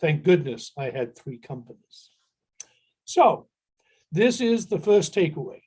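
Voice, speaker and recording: A middle-aged man leads a conference workshop, telling an anecdote with dry humor. His voice sits a little high for a man and sounds mellow and relaxed. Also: a little slow, husky. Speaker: workshop presenter.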